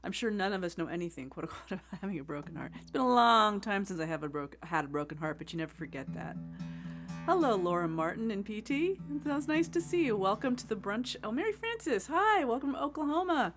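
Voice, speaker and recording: A woman's voice: mid-range voice, big pitch swings, brisk, a bit bright, faint music behind. A middle-aged woman hosting a casual livestream between songs, chatty and rambling, greeting viewers by name and laughing often. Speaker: singer-songwriter host.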